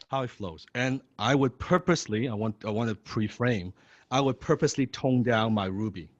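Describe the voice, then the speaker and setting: A sales coach talking on a video call, chatty and self-correcting as he explains his method. His voice is of middle pitch and sounds dry. The call audio is a little muffled. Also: dry recording. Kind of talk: sales training role-play.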